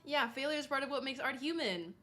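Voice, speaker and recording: A woman's voice: high voice, lively intonation, a little fast, bright, forceful tone. Chatty woman streamer reading chat. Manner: chatty, laughs often, says "like" and "girl" a lot. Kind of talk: casual livestream chat, reading chat aloud.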